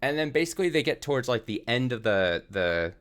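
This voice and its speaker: A man's voice: mid-range voice, very animated, brisk, a bit bright. A man streaming a visual novel, recapping the story in a casual, rambling way with restarts and the odd swear. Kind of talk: casual let's-play commentary.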